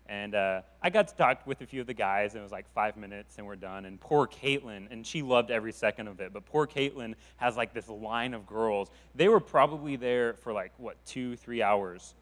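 Man, youth pastor, relaxed rambling delivery, lower voice; long hall reverb. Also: normal speed, hardly any pauses. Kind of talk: church talk.

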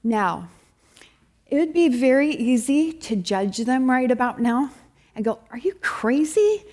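A middle-aged woman preaching a sermon at church, animated, acting out quoted complaints with sudden high bursts. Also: measured pace. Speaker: church speaker.

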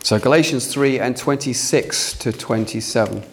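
A man's voice: medium pitch, normal speed, a little hiss or hum. A man preaching a sermon, emphatic and exclamatory, breaking often into hallelujahs and amens.

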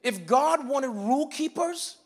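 A male pastor preaching a sermon, moving between loud, emphatic bursts and quiet, explanatory teaching. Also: very high voice, expressive, measured pace. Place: church sanctuary. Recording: long hall reverb.

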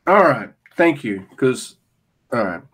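A man co-hosting a podcast, recapping a wrestling match in a rambling, profane, animated way. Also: medium pitch, slow pace, husky. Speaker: podcast co-host. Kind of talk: casual wrestling recap chat.

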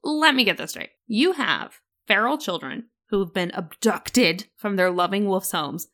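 A woman's voice: medium pitch, expressive, measured pace, a bit bright. A woman co-hosting a podcast, chatty and emphatic in casual conversation. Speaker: podcast co-host. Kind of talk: casual chat.

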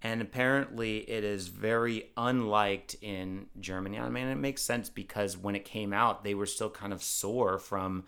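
An American man talks film history on a casual podcast, bursting with enthusiasm. His voice sits fairly low but sounds bright and forceful, and he rambles with frequent restarts. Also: steady tone, normal speed, vocal fry, few pauses, clear, resonant tone. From United States. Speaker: podcast co-host. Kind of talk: casual chat.

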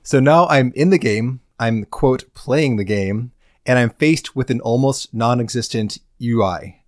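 A man's voice: medium pitch, measured pace, no echo, clean studio sound. A man co-hosting a podcast, recapping a game in a casual, wry storytelling way with comic emphasis. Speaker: podcast co-host.

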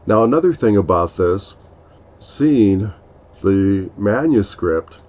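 A man with a lowish voice hosts a reflective devotional talk. He speaks very slowly and earnestly and explains each point with care. The sound is dull and lo-fi. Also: a little mellow. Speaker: podcast host.

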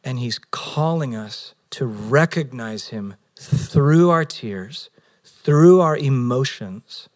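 A pastor preaching a Sunday sermon, earnest, rising for emphasis and dropping low and slow on key words. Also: male voice, lively intonation. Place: San Diego.

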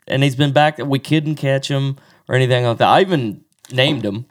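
Halting man chatting on a podcast. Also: medium pitch. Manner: halting, full of restarts and fillers. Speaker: podcast co-host. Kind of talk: casual chat.

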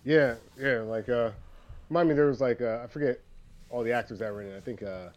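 A man co-hosting a casual film podcast, talking in halting, restarting sentences. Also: mid-range voice, a little mellow, dull audio. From US East Coast. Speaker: podcast co-host. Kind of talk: casual movie-review chat.

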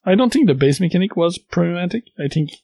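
A man co-hosting a relaxed hobby chat, hesitant, with frequent filler pauses. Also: high voice, vocal fry, no echo. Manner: hesitant, many uh fillers, laughs softly. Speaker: podcast co-host. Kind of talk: casual chat.

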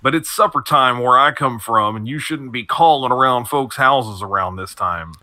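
A man voicing a gruff, angry old homeowner in his late seventies, speaking curtly and with indignation. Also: medium pitch, normal speed, bright, forceful tone, no room sound. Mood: indignant. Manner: curt, indignant.

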